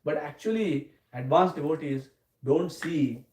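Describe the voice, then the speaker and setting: A man giving a scripture class, often checking in with listeners with a quick "huh?" or "okay?". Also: a little high. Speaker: lecturer. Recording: roomy, distant mic, faint noise.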